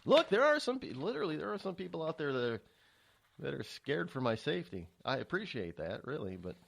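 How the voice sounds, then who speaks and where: A man's voice: mid-range voice, fairly quick, creaky, a little hiss or hum. A man hosting a talk radio show, speaking in a rambling, emphatic monologue full of restarts and stammers. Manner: animated, emphatic delivery.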